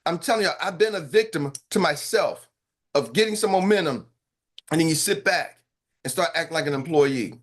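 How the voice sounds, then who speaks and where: A man hosting a morning sales-training call as coach, talking in an animated, hyped and slangy way with quick asides. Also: fairly high pitch. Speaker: sales coach and show host. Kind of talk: energetic motivational team talk.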